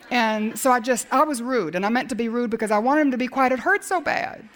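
A woman's voice: fairly high pitch, a little fast, hardly any pauses. Woman telling a sermon story. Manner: animated storytelling, acts out dialogue. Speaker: speaker telling a faith story.

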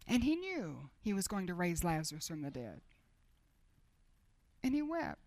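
A woman preaching a sermon with intense feeling, swinging between loud urging and hushed, almost whispered lines. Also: lowish voice, wildly swooping pitch, a little slow, dry recording. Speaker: speaker at a Christian women's gathering.

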